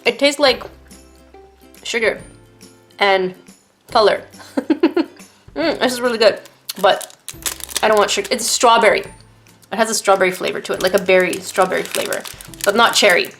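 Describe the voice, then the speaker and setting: A woman's voice: mid-range voice, normal speed, long pauses, a bit bright, faint music behind. A woman vlogger chatting casually to viewers while unboxing art supplies at her desk, gasping and exclaiming over each item.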